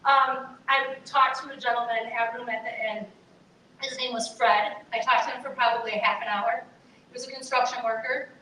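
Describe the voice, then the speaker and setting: A woman's voice: fairly high pitch, steady tone, moderate pace, bright, forceful tone. A woman giving an earnest, conversational chapel talk to students, speaking directly to her listeners. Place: chapel hall. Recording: echoey hall, voice from far off, faint noise.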